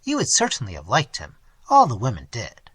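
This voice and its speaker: A comfortable, slightly pompous English husband, voiced by a male reader. He talks in an earnest, self-satisfied way, with a lively, swooping pitch and a husky, dry tone. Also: fairly quick, dry recording, exaggerated voice. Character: respectable, comfortable middle-aged English husband.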